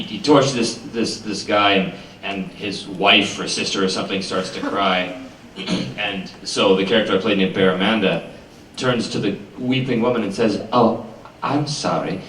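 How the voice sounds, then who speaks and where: A man's voice: on the low side, a bit bright, slight background noise. A male voice actor on a convention panel telling jokey, self-deprecating anecdotes. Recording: roomy convention hall, mic at a distance.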